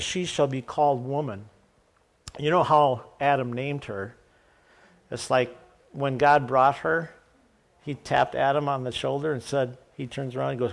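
A man's voice: mid-range voice, creaky. A man preaching a sermon, reading scripture aloud and then explaining it casually with jokes and asides to the congregation. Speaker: pastor.

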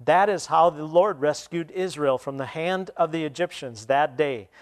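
A man preaching a sermon, retelling scripture and then explaining it with pauses and restarts. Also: fairly high pitch.

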